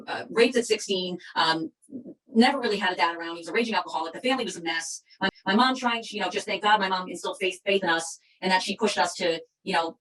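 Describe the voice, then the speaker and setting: A woman delivers a fervent, preachy motivational speech in a rapid-fire stream, hardly stopping for breath. She is middle-aged and talks to her team like a revival preacher. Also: mid-range voice, a bit bright, low-quality recording. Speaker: MLM company leader giving a training talk.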